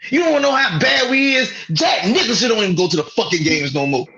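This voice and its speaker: A man's voice: very high voice, expressive, a little fast, dull audio, a crowd in the background. A man co-hosting a sports talk show, ranting in an exasperated, profane way. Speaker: podcast co-host. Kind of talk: heated sports rant.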